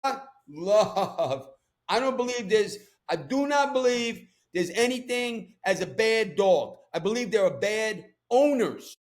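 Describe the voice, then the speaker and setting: High-pitched ranting New York man. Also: a little slow. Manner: profane, ranting, animated. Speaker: podcast host. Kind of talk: casual chat.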